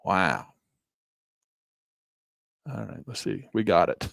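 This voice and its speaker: A man's voice: deep voice, takes it slowly, gravelly, long pauses, a bit bright, no echo. A middle-aged man, a trading instructor, casually thinking aloud through trades on a live screen-share.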